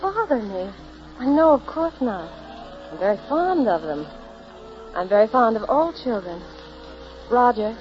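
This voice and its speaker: A woman's voice: on the high side, big pitch swings, measured pace, pauses often, faint music behind. An actress playing an affectionate young newlywed woman in an old radio drama. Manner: soft, tender. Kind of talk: 1940s radio acting. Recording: muffled old radio recording.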